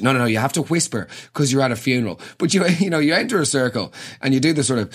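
A man's voice: mid-range voice, expressive, fast talker. A young Irish man giving a rambling, sweary comic monologue and acting out little scenes.

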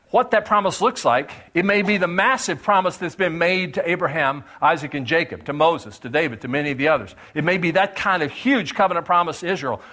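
A man preaching a sermon, shifting between lively teaching and lowered, voiced quotes. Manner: animated preacher, voicing God and doubters in lowered tones. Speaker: pastor.

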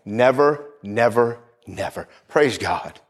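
A man preaching a sermon with emphasis, repeating phrases, dropping low and quiet for weight, and calling out for the congregation's amens. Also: expressive, takes it slowly. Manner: emphatic, repeats phrases, calls for "Amen?" responses.

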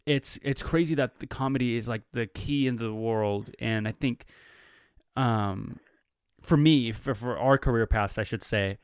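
A man's voice: medium pitch, a little slow, clean tone, no room sound, studio quality. A man hosting a casual chat, talking reflectively with loose fillers.

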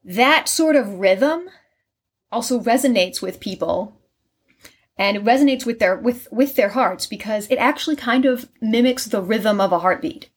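A woman's voice: a little high, moderate pace, breathy edge. A woman who acts Shakespeare, talking casually and explaining her craft with many fillers. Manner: chatty, animated, many fillers. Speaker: Shakespeare actor, guest. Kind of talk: casual conversation.

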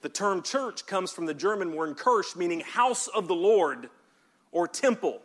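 A man preaches to his congregation in a voice pitched high for a man. He hammers his points with emphasis and has the room say key words back to him. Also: animated, measured pace. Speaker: pastor. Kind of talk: sermon.

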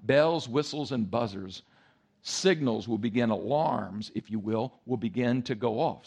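A male pastor preaching a sermon, telling a story in a lively way and acting out voices and sounds. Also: medium pitch.

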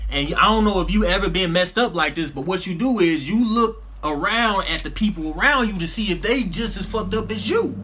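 A man telling a story in casual slangy chat, animated and laughing through the punchlines. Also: high-pitched, fairly quick, few pauses.

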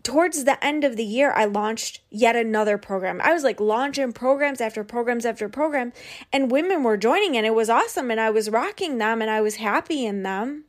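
A young woman hosting her podcast, telling a personal story in a candid, animated way and often swearing. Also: on the high side, fairly quick. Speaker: podcast host and business coach. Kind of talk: casual personal monologue.

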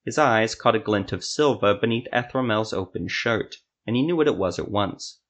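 A man narrating a scripted fantasy story for a podcast in a steady, even storytelling manner. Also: lowish voice, normal speed.

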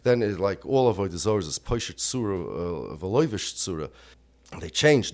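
A man's voice: low-pitched, very animated, moderate pace. A middle-aged American man giving an impassioned religious lecture, emphatic and full of rhetorical questions. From United States. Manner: emphatic, with rhetorical questions and Yiddish and Hebrew terms.

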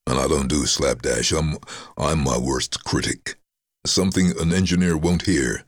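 A man's voice: very deep voice, normal speed, no echo, clean studio sound. A man, a voice-over artist, telling stories in a casual interview with confident energy and acted-out quotes. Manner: confident storyteller who acts out quotes. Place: his home during lockdown.

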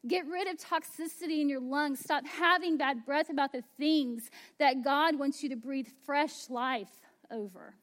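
A woman pastor in her thirties preaching a sermon, slow and emphatic, dropping to hushed asides. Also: high-pitched.

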